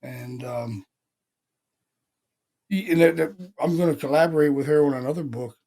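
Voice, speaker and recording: A man from Pennsylvania hosting a podcast, telling stories in a casual, animated way, acting out quotes and swearing freely. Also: a little high, moderate pace. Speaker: paranormal podcast host. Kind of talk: casual storytelling chat.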